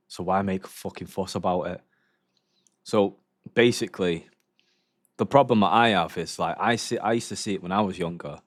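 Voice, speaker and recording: A man's voice: on the low side, no echo, clean studio sound. Young man, swearing and rambling. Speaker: livestreamer. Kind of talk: casual chat reacting to videos.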